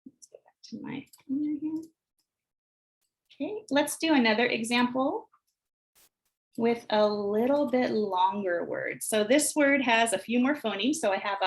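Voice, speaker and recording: An American woman demonstrating early literacy exercises, sounding out words slowly and deliberately. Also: medium pitch. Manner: slow, deliberate sounding out of phonemes. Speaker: teacher trainer. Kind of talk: instructional screencast demonstration.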